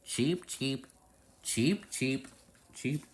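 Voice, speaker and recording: A man's voice: medium pitch, drawn-out words. A man voicing a small, childlike cartoon bird that cheeps and guesses naively.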